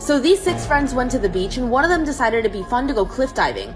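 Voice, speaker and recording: A woman's voice: on the high side, very animated, fast talker, rough recording. Woman narrating a suspense story over music. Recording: music bed behind the voice.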